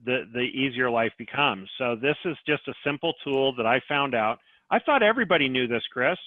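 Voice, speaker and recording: In a podcast conversation, a business coach works through ideas by guiding and questioning, his mid-range voice animated and fairly quick. The line sounds tinny and phone-like, dry with no room sound.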